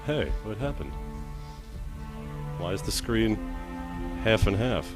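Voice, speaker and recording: Deep-voiced male dungeon master. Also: very animated, music in the background. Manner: chatty, quick asides, laughs often. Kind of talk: narrating a tabletop game on a livestream.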